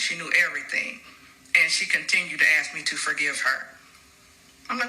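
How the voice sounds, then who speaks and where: A woman who works as a nurse tells a story casually and acts out the people in it with lively voices. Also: on the low side, a little fast, rough recording.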